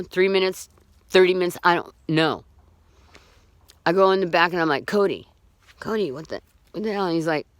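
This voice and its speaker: With a low-leaning, fairly bright voice and no room sound, a woman describes what happened to her in an unscripted, agitated way. She is blunt and indignant, swears, and often begins her sentences again.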